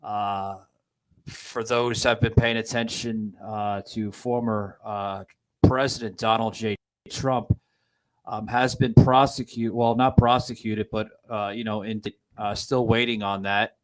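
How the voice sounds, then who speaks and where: Halting, upset male podcast host. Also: fairly low pitch, fairly even intonation, poor audio. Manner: halting, many fillers and restarts, upset. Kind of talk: political podcast talk.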